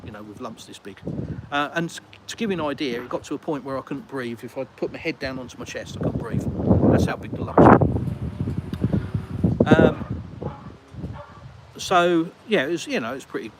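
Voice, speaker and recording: A man's voice: a little high, moderate pace. A middle-aged English man with an English accent, chatting casually on a livestream and reading out viewer messages. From England. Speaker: live streamer. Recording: loud street and traffic noise.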